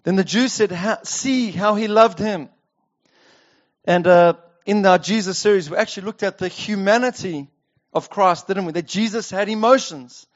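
High-voiced man preaching a sermon. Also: moderate pace. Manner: conversational, asks the listeners rhetorical questions. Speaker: pastor. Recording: dull lo-fi sound.

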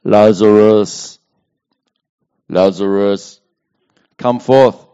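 A man reading a solemn male teacher's words slowly and with weight. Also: high-pitched. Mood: commanding. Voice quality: slow, weighty delivery. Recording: dull lo-fi sound.

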